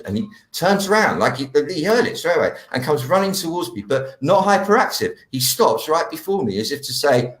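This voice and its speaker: A man on a live stream telling a story with animated delivery, slipping into hushed, dropped tones when he quotes himself. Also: medium pitch, a little fast, few pauses, reverberant. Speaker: guest healer.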